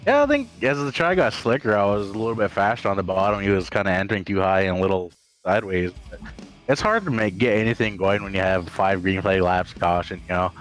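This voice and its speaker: Man, second-place driver, lowish voice, plain matter-of-fact, faint music behind. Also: animated, fast talker. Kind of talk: post-race interview.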